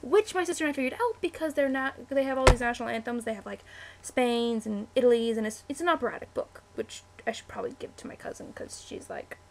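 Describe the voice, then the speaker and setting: Young gal rambling on webcam, lots of likes and ums, kinda creaky voice. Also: female voice, a little high, quick pace. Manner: chatty, easily distracted, many "like" and "um" fillers. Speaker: vlogger. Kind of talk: casual chat answering a word-list meme.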